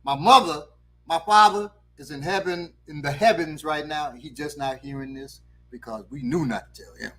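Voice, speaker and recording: A man's voice: on the high side, moderate pace. A man hosting a talk show, telling a story animatedly with laughter and acting out the voices of the people in it. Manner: lively, laughing, acts out the voices of the people in his stories. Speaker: host.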